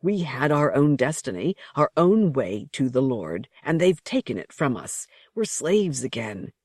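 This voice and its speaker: A reader voicing an old, defeated male rebel leader who speaks slowly and orates in grief. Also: mid-range voice, big pitch swings, darkish tone, no room sound, studio quality. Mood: bitter. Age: older. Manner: slow, grieving, orating. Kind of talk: audiobook character reading.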